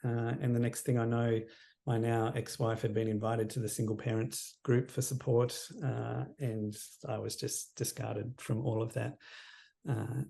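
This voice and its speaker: Man in his fifties, gravelly and mellow, an earnest counsellor opening up about his past with a soft, trailing delivery. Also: medium pitch, flat delivery, measured pace. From Australia. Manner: reflective, earnest, trailing off quietly. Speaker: counsellor as podcast guest. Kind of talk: personal storytelling in interview.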